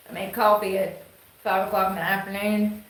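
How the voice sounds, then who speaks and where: A woman's voice: medium pitch, level tone, a little fast. Twangy North Carolina woman, echoey room. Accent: North Carolina Southern twang. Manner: drawling, blunt, swears casually. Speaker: live streamer. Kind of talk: casual rambling chat to viewers. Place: indoor room, rain outside. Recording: echoey room, faint noise.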